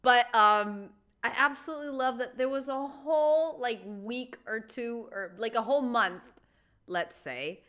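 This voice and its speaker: Bright chatty woman reacting. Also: a little high, measured pace, clear, resonant tone. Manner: chatty, animated, laughing asides. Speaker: reaction video host. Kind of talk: casual reaction commentary.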